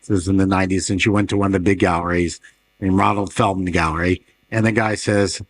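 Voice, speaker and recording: A man interviewing on a panel, with quick wry remarks and anecdotes. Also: low-pitched, fairly even intonation. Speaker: interviewer, art newsletter publisher. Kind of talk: casual panel conversation. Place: fair talk stage.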